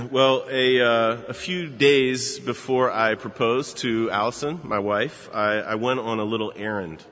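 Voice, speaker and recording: A man in his fifties, a pastor giving a sermon and telling a personal story in a relaxed, conversational way with frequent fillers. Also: mid-range voice, a little slow. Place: church sanctuary. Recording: long reverb of a large hall.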